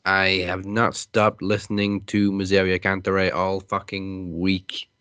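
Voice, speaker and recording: Deep-voiced, easygoing man chatting. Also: monotone, measured pace, fairly bright tone, clean tone, no echo. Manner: easygoing, laughs often, some stammered restarts. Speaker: podcast co-host. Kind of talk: casual wrestling chat.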